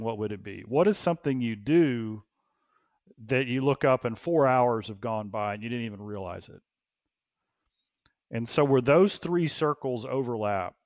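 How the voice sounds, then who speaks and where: A man speaking as an interview guest, a business coach who talks in an animated way, repeating phrases and laughing often. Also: mid-range voice, no echo, lo-fi sound. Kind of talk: casual interview talk.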